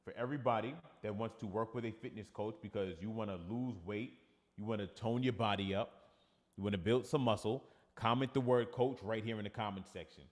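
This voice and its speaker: Low-voiced New York fitness coach, roomy. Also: male voice, brisk. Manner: energetic, reads viewer comments aloud. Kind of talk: casual livestream chat.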